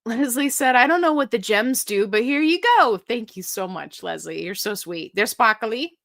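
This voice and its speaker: A middle-aged woman hosts a live question-and-answer stream, talking casually and warmly to her viewers. She reads their comments aloud and answers in a chatty, lively way. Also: fairly high pitch, moderate pace, gravelly. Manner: chatty and animated, reads comments aloud, breaks into silly sung bits.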